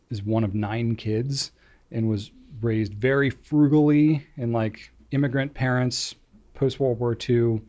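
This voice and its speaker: A man co-hosting a podcast in casual chat, encouraging and quick to laugh. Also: mid-range voice, a little mellow. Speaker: podcast co-host.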